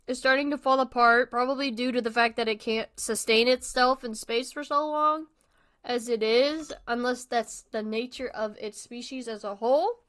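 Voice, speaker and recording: A woman's voice: on the high side, a bit bright, smooth. A young woman streaming a horror game. She reads the on-screen text aloud and rambles in a casual, self-deprecating way while eating dinner.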